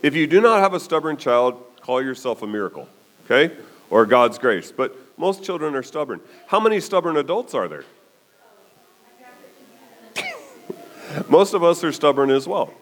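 Lively, animated preacher man. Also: a little high, normal speed, pauses often. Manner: animated storytelling, acts out voices, checks in with "okay?". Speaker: pastor. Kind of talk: sermon.

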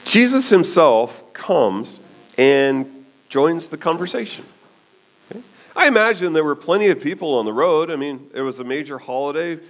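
A male pastor delivering a sermon in a slightly high voice. His delivery is animated, with pitch swinging widely as he retells a story. He keeps checking in with his listeners by asking "okay?". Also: normal speed.

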